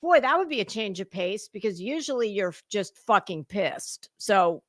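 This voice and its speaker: A woman's voice: mid-range voice, animated, moderate pace, fairly bright tone, no room sound, clean studio sound. A middle-aged woman hosting sarcastic reaction commentary, mocking and profane, slipping into put-on voices. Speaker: commentary host.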